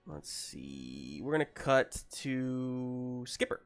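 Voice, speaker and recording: A man's voice: medium pitch, big pitch swings, takes it slowly, soft background music. Hesitant male game master. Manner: hesitant, filler-heavy, chuckling. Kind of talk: narrating a tabletop game.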